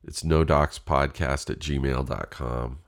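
A man's voice: very deep voice, fairly even intonation, slow. A middle-aged man hosting his own podcast, talking candidly and self-deprecatingly with casual swearing, his voice a little stuffy and congested. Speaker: podcast host. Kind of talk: casual solo podcast talk.

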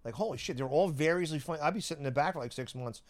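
A man rambling through comedy-club stories, halting and restarting, laughing often. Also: fairly high pitch. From Philadelphia area. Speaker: comedian guest. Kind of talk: casual chat, storytelling.

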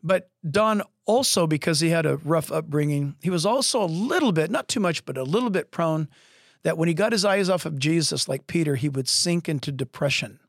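A middle-aged man preaching a podcast sermon as pastor, telling stories with lively acted-out voices. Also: on the high side, gravelly, no room sound, clean studio sound. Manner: animated, acts out voices in stories. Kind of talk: sermon storytelling. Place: podcast studio.

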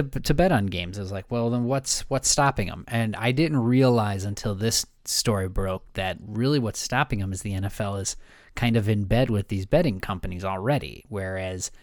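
A man's voice: on the low side, a little mellow, dry recording, clean studio sound. A man co-hosting a casual sports podcast, easygoing and often repeating words as he thinks aloud. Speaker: podcast co-host.

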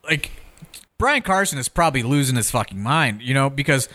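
Promoter guy on a podcast, swears constantly, bright punchy voice, tells stories all worked up. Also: mid-range voice, brisk. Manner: profane, animated storyteller. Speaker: wrestling promoter and co-owner. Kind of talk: casual podcast chat.

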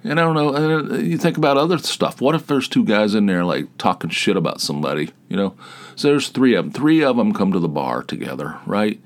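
A middle-aged man with a fairly low voice hosts his own podcast alone and rambles from one tangent to the next. He keeps restarting his sentences and repeating words. He pokes fun at himself while he talks. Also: big pitch swings, fairly quick. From northeastern Pennsylvania. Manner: digressive, self-deprecating, repeats words and restarts. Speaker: podcast host. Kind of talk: rambling solo podcast monologue.

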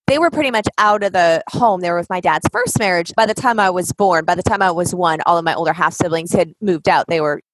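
A woman's voice: lowish voice, fast talker, few pauses, slight background noise. A woman from Washington State hosting a podcast, talking in a chatty, enthusiastic way. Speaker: podcast host. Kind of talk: casual podcast talk.

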